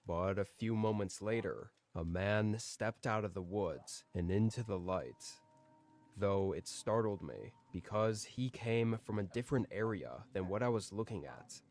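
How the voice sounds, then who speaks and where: A man calmly reading out a scripted first-person horror story. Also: fairly low pitch, a little slow.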